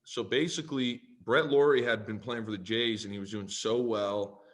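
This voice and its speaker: A man, a podcast guest telling a story in a lively, profane way and acting out both sides of the conversation. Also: fairly low pitch, moderate pace. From Canada. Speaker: podcast guest, pro football player. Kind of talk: casual storytelling.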